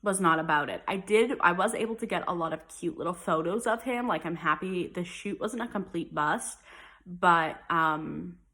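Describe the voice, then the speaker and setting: A woman's voice: fairly low pitch, normal speed, sharp tone. A young woman chatting casually in a vlog, rambling with lots of fillers. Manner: chatty and rambling, many likes and ums. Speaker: mom vlogger. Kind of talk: casual chat.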